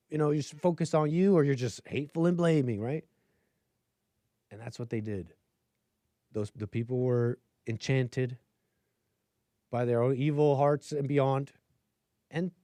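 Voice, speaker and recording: A man's voice: mid-range voice, a little mellow, no room sound. A man hosting a livestream, talking through his opinions in a rambling, filler-heavy way. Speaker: livestream host. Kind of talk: casual livestream commentary.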